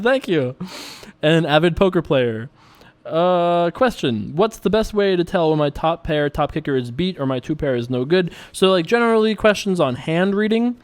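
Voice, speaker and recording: A man's voice: on the high side, animated, normal speed, smooth. A young man hosting a poker show, talking casually and joking as he plays online. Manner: chatty, joking, self-mocking. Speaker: poker player and show host. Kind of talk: casual commentary while playing online poker.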